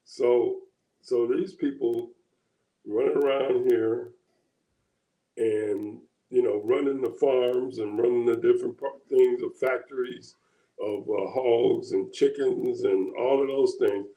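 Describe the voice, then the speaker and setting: A man with a mellow, darker voice co-hosts a casual political chat. He thinks aloud in a halting way, circling back and restarting his sentences, and the sound rings with room echo. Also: medium pitch, steady tone. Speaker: co-host.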